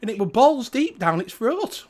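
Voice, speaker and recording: Yorkshire bloke hosting a live stream, jokey and sweary, highish voice that jumps all over. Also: male voice, sing-song, normal speed, darkish tone. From Yorkshire, England. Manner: jokey, laughing, swears, broad dialect. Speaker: host. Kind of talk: casual live-stream chat.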